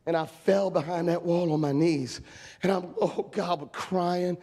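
A man preaching a lively storytelling sermon, shouting and laughing as he acts out the story. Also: sits high, measured pace. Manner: animated, shouting and laughing while acting out a story. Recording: long echo of a large hall.

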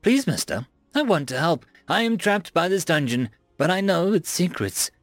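A man's voice: high-pitched, big pitch swings, moderate pace, no room sound, clean studio sound, soft background music, pitched above the performer's own voice. A man voicing a sickly sweet scheming pixie girl. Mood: sugary pleading. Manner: sugary, mocking, fake-innocent pleading.

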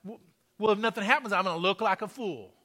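High-voiced bright male pastor preaching. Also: quick pace. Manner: testimony storytelling, repetitive emphatic exhortation. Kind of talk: sermon. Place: church sanctuary.

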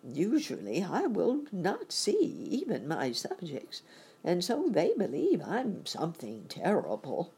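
A frightened little old wizard stammers and pleads in a shaky, lifting voice, as a woman reads him. The voice is husky and slow, swinging widely up and down. He sounds like a storybook fraud caught out. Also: lowish voice, wildly swooping pitch, dark tone, pitched above the performer's own voice, exaggerated voice. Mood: trembling. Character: timid little old male wizard, a humbug.

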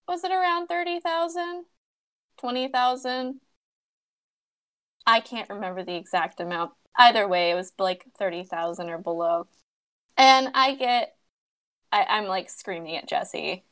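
Young woman co-host, bright higher voice, exasperated animated ranter. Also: clear, resonant tone. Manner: animated, exasperated ranting with swearing. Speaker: podcast co-host. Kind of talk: casual chat among friends about a mobile game.

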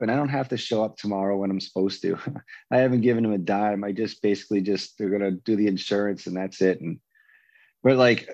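Low-voiced man telling a raw personal story. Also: no room sound, muffled recording. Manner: animated, acts out other people's lines in a raised voice. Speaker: guest telling his recovery story.

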